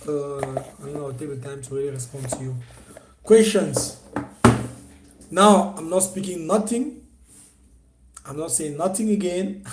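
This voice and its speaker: Chatty man pitching on a livestream. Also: background noise. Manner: repetitive, persuasive, chatty. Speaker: live-stream host and e-commerce coach. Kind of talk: casual live-stream sales talk. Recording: echoey room.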